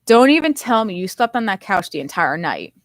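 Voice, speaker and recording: A woman's voice: medium pitch, big pitch swings, a little fast, no room sound. A woman voicing a kindly middle-aged man who teases and fusses over a friend, in a dry, close recording. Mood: teasing. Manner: warm, fussing, teasing tone.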